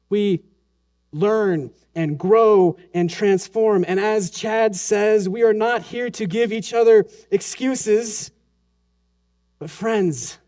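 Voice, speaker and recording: A man in his thirties preaching a Sunday sermon as pastor in a church, earnest, dropping to a hush and then rising with urgency. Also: high-pitched. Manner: earnest, swings from hushed and soft to raised and urgent. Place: church sanctuary during a Sunday service.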